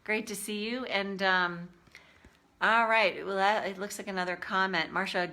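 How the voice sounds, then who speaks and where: A woman coaching viewers on a livestream, candid and animated, speaking to them by name. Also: mid-range voice, normal speed. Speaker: tapping coach.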